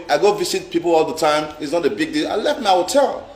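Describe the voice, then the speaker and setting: Nigerian man, middle-aged, high voice, dramatic storyteller, echoey room. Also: lively intonation, brisk. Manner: dramatic, repeats lines for emphasis, mixes in Pidgin. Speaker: vlogger telling a personal story. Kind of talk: animated storytelling monologue. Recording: roomy echo.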